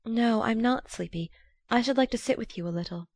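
A woman's voice: fairly high pitch, fairly quick, darkish tone, dry recording, voice pushed up. A woman reading aloud who voices a young wife, eager and lightly questioning.

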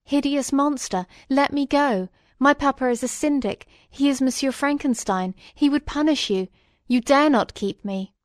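A woman voicing a frightened, defiant small boy who cries out in a high, shrill voice. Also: moderate pace, dry recording, clean studio sound, lightly acted.

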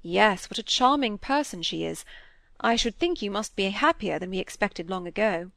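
A woman's voice: medium pitch, normal speed, creaky, fairly bright tone, no echo. Woman reading as kind young scholar. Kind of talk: audiobook reading.

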